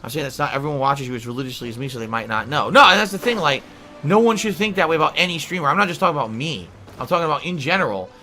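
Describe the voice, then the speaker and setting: Brief: male streamer, quick and sharp-toned, defensive, swears, faint music under him. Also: a little high, lively intonation. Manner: defensive, profane, reads chat aloud. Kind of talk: livestream talk.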